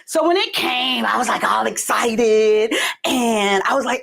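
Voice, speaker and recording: A woman's voice: normal speed, vocal fry. A woman in her forties hosting a casual livestream chat, telling stories with laughter and big leaps in her voice. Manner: animated storytelling with laughter and big pitch leaps. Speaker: livestream host.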